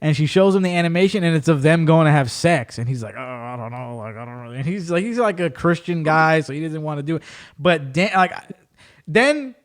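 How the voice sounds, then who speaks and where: Animated, laughing podcast host. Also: male voice, fairly high pitch, a little fast. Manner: animated storytelling, acts out quotes, laughs often. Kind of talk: casual chat.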